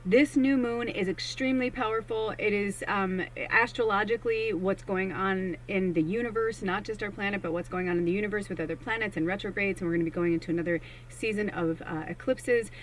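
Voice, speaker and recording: A woman's voice: mid-range voice, brisk, few pauses, slight background noise, rough recording. A woman working as a psychic medium, talking casually and animatedly to viewers during a card reading. She swears freely and acts out her own thoughts in quoted asides.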